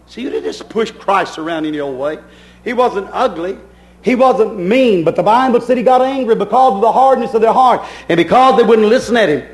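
A middle-aged man, preaching a fervent sermon as pastor, dropping suddenly quiet and then bursting out with emphasis. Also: sits high, brisk, rough recording.

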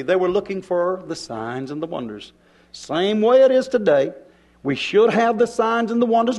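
Lively high-pitched male preacher. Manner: preaching with dramatic pauses and shifts in pace. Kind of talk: sermon.

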